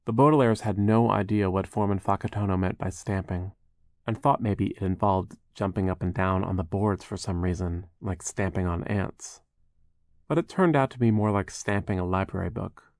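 A man narrating a storybook in measured, scripted narration with wry asides. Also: low voice, darkish tone, no echo, clean studio sound. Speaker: audiobook narrator.

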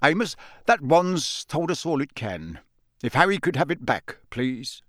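A man plays a middle-aged father, quiet, brisk and tense, close to the narrator's own voice. The pitch moves lively and the read is dry and close. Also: no room sound. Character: tired, kindly middle-aged father, urgent.

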